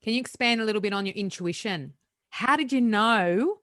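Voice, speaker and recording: A woman podcast host asking gentle, searching questions, using fillers as she goes. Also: mid-range voice, normal speed, no echo, studio quality. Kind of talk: interview questions.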